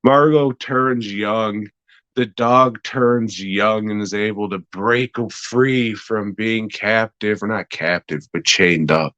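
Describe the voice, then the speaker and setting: Young man, podcast host, low voice, slow drawl, profane casual review. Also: pushed and bright, smooth, dry recording, lo-fi sound. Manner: laid-back, meandering, lots of swearing and fillers.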